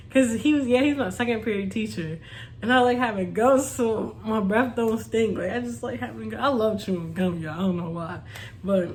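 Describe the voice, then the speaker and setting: A woman's voice: mid-range voice, a little hiss or hum. A young woman chatting casually to her viewers, laughing often and calling them y'all. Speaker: vlogger. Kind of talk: casual storytime chat.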